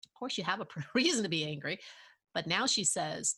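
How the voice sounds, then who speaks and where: A middle-aged woman, a podcast guest, giving measured advice in a casual interview and laughing easily. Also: on the low side, animated, gravelly, pushed and bright, husky.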